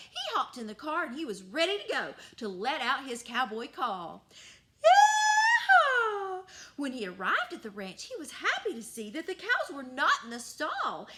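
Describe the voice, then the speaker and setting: A woman's voice: high voice, noisy background. A woman music teacher telling a children's singing story and leading the listeners in call-and-response.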